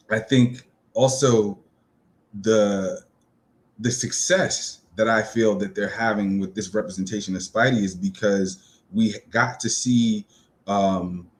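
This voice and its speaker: Low-voiced New man, chatty reviewer. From New York City. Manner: loose and chatty, lots of ums and uhs, upbeat. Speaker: movie reviewer. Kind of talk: casual spoken film review.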